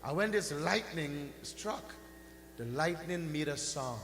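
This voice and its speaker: A man delivers a sermon at a very unhurried pace, his tone bright and ringing. His voice booms through a large hall with a long reverb tail and a faint hum underneath. He draws out key words and now and then chants a mantra. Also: animated. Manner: slow, rising and falling emphatic delivery, chanting mantras. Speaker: pundit giving a religious discourse. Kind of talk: sermon storytelling.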